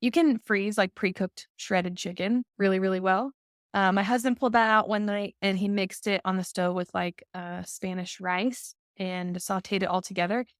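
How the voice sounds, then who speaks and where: A young woman co-hosting a podcast, talking casually with lots of fillers and quick laughs. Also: mid-range voice, fairly even intonation, dry recording, clean studio sound. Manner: chatty, filler-heavy, laughs often. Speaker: podcast co-host. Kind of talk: casual chat.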